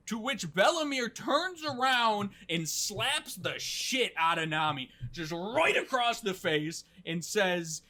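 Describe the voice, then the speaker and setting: Male podcast host, casual and quick, swears freely, acts out quotes in a bright voice. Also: high-pitched, lively intonation. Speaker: podcast host recapping an anime.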